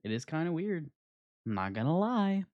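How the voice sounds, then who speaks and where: A man's voice: on the high side, sing-song, moderate pace, dry recording, highs cut off. A man streaming a video game, rambling in casual gaming commentary with profane jokes.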